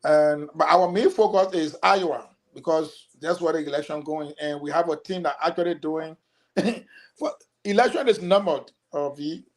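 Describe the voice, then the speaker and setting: Male campaign guest on a talk show, higher voice, runs through a list with fillers. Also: moderate pace, hardly any pauses. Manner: listing points, many fillers.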